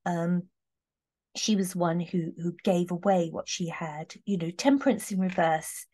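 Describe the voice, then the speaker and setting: A woman chatting warmly through a tarot reading, heartfelt, with many fillers and restarts. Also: fairly low pitch, measured pace. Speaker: tarot reader. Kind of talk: casual tarot reading talk.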